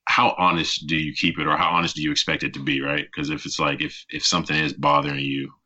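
A man's voice: extremely low pitch, level tone, fast talker, bright, forceful tone, muffled recording. A man hosting a podcast, asking long meandering interview questions with many fillers. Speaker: podcast host.

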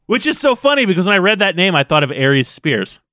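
Laughing man reading aloud, lively pitch. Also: fast, no echo, clean studio sound. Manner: jokey, laughs often, reads passages aloud. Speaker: podcast co-host. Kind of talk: casual book discussion with read-aloud passages.

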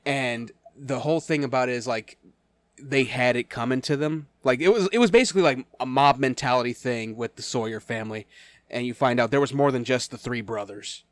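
A man's voice: medium pitch, a little fast, dry recording. A man co-hosting a podcast in casual chat, stammering and laughing often. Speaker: podcast co-host.

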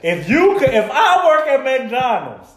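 High-pitched guy arguing for fun, laughing, echoey room. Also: huge pitch swings, a little slow, fairly bright tone. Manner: joking, argumentative, laughs while talking. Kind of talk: casual chat. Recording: roomy room.

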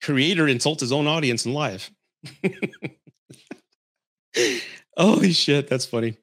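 Slow, a little high, and a bit bright, this man hosts an easygoing dating-advice podcast. His rant is blunt and profane, punctuated by frequent laughter and a heated, scolding edge.

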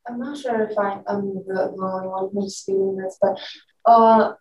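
A woman who is not a native English speaker, talking haltingly and searching for words in a casual discussion. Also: mid-range voice, steady tone, darkish tone, dull audio. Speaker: discussion participant. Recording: roomy, distant mic, faint ambience.

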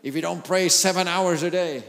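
A pastor preaching a sermon, animated, laughing and shouting for emphasis. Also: male voice, sits high, moderate pace, creaky, in a large hall.

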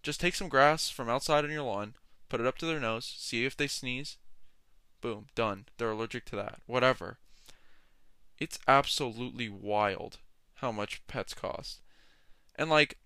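Young male podcast host, rambling jokey rants, smooth voice, dry close sound. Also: mid-range voice, measured pace, sharp tone, no room sound. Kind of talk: casual solo podcast monologue.

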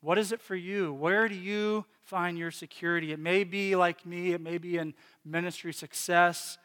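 Earnest higher-voiced man preaching in a hall. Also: steady tone, moderate pace, a bit bright, smooth. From Virginia, USA. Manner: earnest, personal, with restarts and repetition. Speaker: pastor. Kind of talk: sermon.

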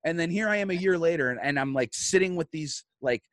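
A young man telling a story in a casual podcast chat, animated, swearing often and restarting his sentences. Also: on the high side, fast, no room sound.

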